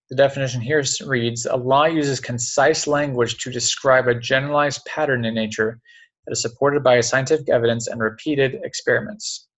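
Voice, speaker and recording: A man teaching a science lesson online. He explains step by step, often pauses with "um" and checks in with "okay?". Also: medium pitch, fairly bright tone, low-quality recording. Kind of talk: recorded online lecture. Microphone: computer mic on a video call.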